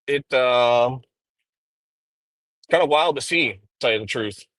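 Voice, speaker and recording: A man's voice: mid-range voice, unhurried, fairly bright tone, no room sound, poor audio. A man streaming live while driving, rambling through profane drama commentary with frequent ums. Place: inside a car.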